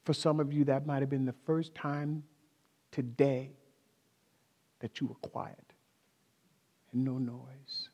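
A man's voice: medium pitch, level tone, takes it slowly, long pauses, warm tone, long reverb tail, muffled recording. A man preaching a sermon, speaking emphatically, repeating key phrases and talking directly to the congregation in a church. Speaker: pastor.

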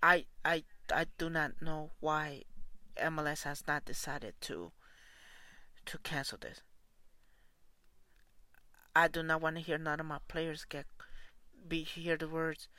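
A man's voice: fairly high pitch, slow, pauses often, pushed and bright, no echo. A man who coaches soccer, delivering an angry, profane and repetitive spoken rant.

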